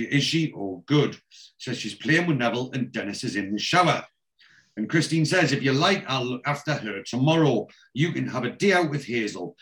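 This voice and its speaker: A man's voice: mid-range voice, fairly bright tone. A man co-hosting a casual chat, retelling scenes and quoting characters with lots of fillers and restarts. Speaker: podcast co-host recapping a TV episode.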